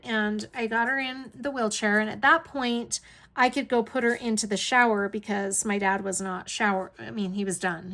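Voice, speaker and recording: A woman's voice: fairly high pitch, a bit bright. A middle-aged woman at home, chatting casually as she tells a story and laughing often. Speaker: hobby vlogger, caregiver to her aunt.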